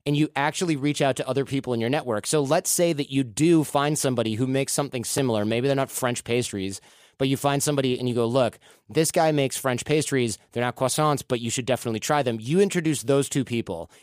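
A man's voice: medium pitch, quick pace, darkish tone, dry recording, clean studio sound. A man hosting a casual talk, giving advice through anecdotes and acting out what people said. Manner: storytelling, acts out quoted dialogue.

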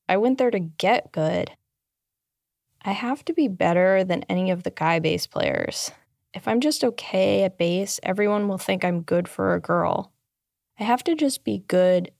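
A woman telling her own memoir as scripted first-person narration, candid, dry and deadpan. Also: lowish voice, gravelly, dry recording.

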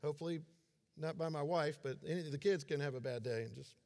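A man's voice: fairly high pitch, fast, a little mellow. A man in his forties giving a sermon as a pastor, conversational and self-deprecating in his humor. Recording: long hall reverb.

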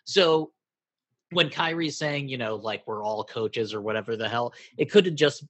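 Husky man musing in casual chat. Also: on the high side, animated, moderate pace, fairly bright tone, no echo. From Brooklyn. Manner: thinking aloud, hedging with "like". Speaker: podcast co-host.

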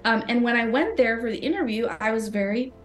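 A woman's voice: fairly high pitch, lively intonation, fast talker. Chatty young Canadian woman designer. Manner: chatty, many fillers and restarts. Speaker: guest designer. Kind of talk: casual interview chat.

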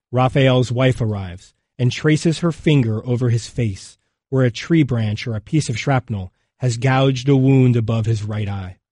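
A man narrates a documentary in a measured, somber voice at a middling pitch. The sound is close and dry, with no room around it. Each sentence is weighed and left to settle before the next one. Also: a little mellow, no room sound. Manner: measured, somber, unhurried delivery.

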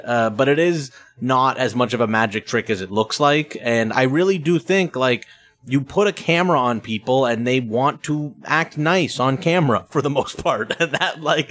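A man's voice: mid-range voice, a bit bright. Man rambling through a comedy critique. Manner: rambling and analytical, with many fillers. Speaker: podcast panelist, comedy writer. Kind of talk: casual comedy podcast chat.

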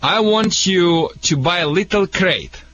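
A Russian-accented man gives dog-training advice to radio callers, joking and chuckling in broken English. His voice sits a little high. The sound is dull and lo-fi, like an old radio broadcast. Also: lively intonation, a little slow, fairly bright tone.

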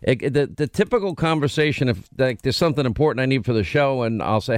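A man's voice: medium pitch, expressive, fast talker, few pauses, clear, resonant tone, no echo, studio quality. A man hosting a talk radio show, bantering and teasing his staff in a brash, interrupting way. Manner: brash, teasing, talks over his cohost. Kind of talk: casual on-air banter.

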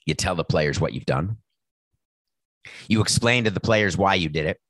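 A man's voice: low-pitched, animated, moderate pace, a bit bright, no room sound. A man hosting sports talk, worked up and sarcastic as he acts out exchanges between team officials. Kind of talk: animated sports commentary monologue.

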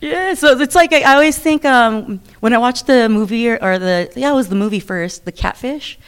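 Woman wrestler, interview guest: chatty, animated, frequent restarts and laughs. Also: on the high side, normal speed, smooth. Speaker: professional wrestler. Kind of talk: interview conversation.

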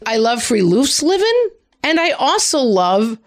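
A woman co-hosting a casual chat, telling playful stories about family holiday traditions. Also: a little slow. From Irish heritage, family in North America. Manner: animated, playful storyteller with big pitch swings.

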